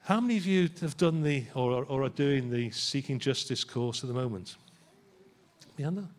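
A man's voice: medium pitch, animated, moderate pace. A man, a pastor, preaching a sermon in a church in a conversational way and asking his listeners rhetorical questions.

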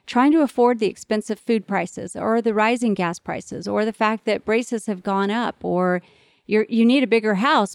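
Woman, middle-aged, podcast host, earnest, animated, talks straight to listeners, dry close sound. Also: mid-range voice, vocal fry, no room sound. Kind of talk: encouraging podcast monologue to parents.

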